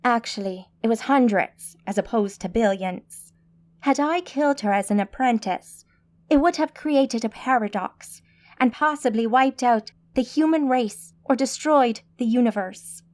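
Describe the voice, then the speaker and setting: Woman doing a calm ancient woman mage, formal, patient, fairly high voice. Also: measured pace, lightly acted. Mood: composed. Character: calm, composed centuries-old woman mage.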